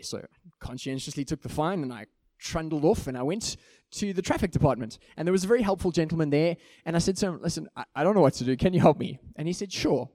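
South African pastor telling a lively anecdote. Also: male voice, fairly high pitch, no room sound, studio quality. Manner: animated, acts out each character in the anecdote. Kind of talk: storytelling sermon.

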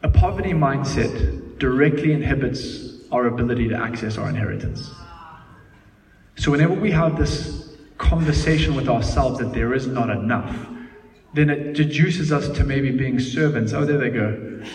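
A man in his thirties preaching a sermon, lively and laughing as he tells family stories. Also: medium pitch, moderate pace. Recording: echoey hall, mic at a distance.

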